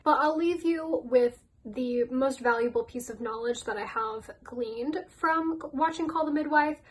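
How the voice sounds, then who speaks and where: A woman's voice: fairly high pitch, poor audio. A woman giving a casual rant vlog, blunt and sweary, often laughing. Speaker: YouTuber.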